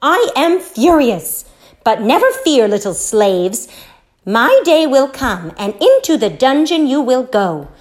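A wicked storybook queen, acted out by a woman narrator, loud and imperious. She yells in a raised, high voice, spacing out each word with slow menace. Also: big pitch swings, exaggerated voice. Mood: furious.

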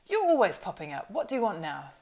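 A woman puts on a stout, fussy male innkeeper in a storybook reading. He talks loud and rambling, always flustered, with his voice pushed up high and bright. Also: brisk. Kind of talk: audiobook reading.

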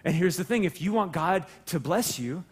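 A pastor preaches from the pulpit of a church sanctuary, his voice sitting high for a man. He talks in an animated, joking way and slips into playful voices to act out the characters he describes. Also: moderate pace, husky. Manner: animated, jokey, acts out voices of people and God. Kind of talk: sermon.

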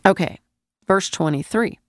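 A woman teaches a Bible passage in a conversational sermon, talking around a lozenge in her mouth and asking her listeners questions. Her medium-pitched voice is a little slow, and the recording is dry with clean studio sound.

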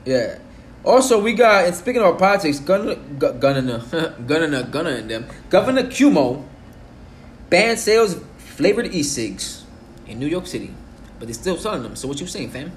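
A man's voice: on the high side, sing-song, normal speed. Young man co-hosting, profane slangy banter. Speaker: podcast co-host. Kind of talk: casual podcast chat. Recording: echoey room with faint noise.

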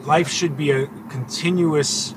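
A man with a high voice chats from the driver's seat of a car, telling animated stories and swearing freely. He acts out what people said as he goes. Road and engine noise runs clearly under his voice. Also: a little slow. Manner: animated storytelling, swearing freely, acting out quotes. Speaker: podcast host and rideshare driver. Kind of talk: casual chat. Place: inside a car. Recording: noisy car interior. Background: vehicle ambience.

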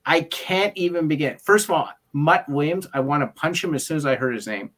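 A man's voice: a little high, a little fast, fairly bright tone. Exasperated man ranting about a film. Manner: exasperated, ranting with mock quotes. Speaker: podcast co-host. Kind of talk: casual film discussion.

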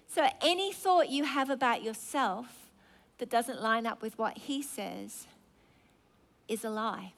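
A woman's voice: a little high, takes it slowly, vocal fry. A woman preaching a sermon, emphatic and impassioned, building with rhythmic repetition.

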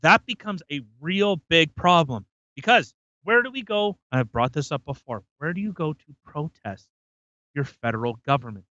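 A man rants on his podcast, swearing and circling back over his own words. His voice is bright and tense, a little higher than most men's. The audio sounds dull and lo-fi, with a dry close mic. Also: expressive, moderate pace, no room sound. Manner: profane, rambling, repeats himself. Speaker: podcast host. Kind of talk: casual ranting commentary.

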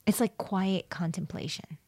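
A woman's voice: fairly low pitch, measured pace, darkish tone, dry recording, studio quality. A woman naturopath chatting casually as a podcast guest, acting out the voices of her patients.

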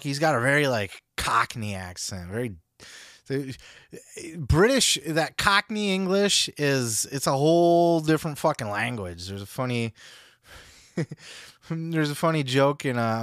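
A man hosting a podcast in casual chat, excitable, profane and laughing often. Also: mid-range voice, smooth, no echo, clean studio sound. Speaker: podcast host.

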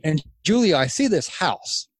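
A man in his thirties with a slightly high voice tells a rambling story with animated energy. He restarts his sentences often. The sound is close and dry, with no room around it. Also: measured pace, husky, no echo. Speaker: podcast guest, lawn care business owner. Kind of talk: casual storytelling.

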